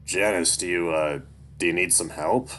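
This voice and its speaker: A man voicing a kind, concerned young man in a story reading, speaking gently and with some hesitation. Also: deep voice, fairly even intonation, unhurried, a little hiss or hum.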